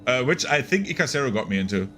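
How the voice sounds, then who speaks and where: A man's voice: mid-range voice, big pitch swings, fast talker, a bit bright, soft background music. A young man casually commenting on his gameplay, rambling and chatty with lots of fillers. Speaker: gaming streamer.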